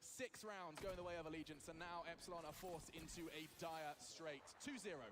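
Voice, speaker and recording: A man casting a video game match, with excitable play-by-play commentary that rises to shouts on big plays. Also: a little high, brisk. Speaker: esports caster. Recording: broadcast with loud background noise.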